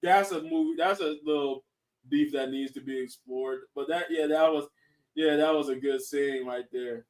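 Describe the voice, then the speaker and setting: A man hosting a podcast in casual chat, excitable and laughing often, restarting his sentences as he talks. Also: mid-range voice, moderate pace, recorded from a distance. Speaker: podcast host. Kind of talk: casual chat reviewing shows and movies.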